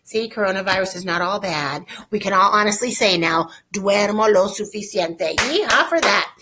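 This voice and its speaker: A woman teaching a Spanish lesson in a folksy, upbeat way, slowing down to drill example phrases. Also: mid-range voice, bright, forceful tone. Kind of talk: recorded online lesson.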